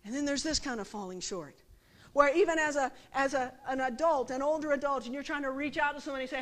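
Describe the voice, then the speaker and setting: High-voiced woman preaching conversationally. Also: fairly quick, fairly bright tone. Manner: conversational, frequent rhetorical questions, acts out quotes. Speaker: speaker at a church service. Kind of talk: sermon.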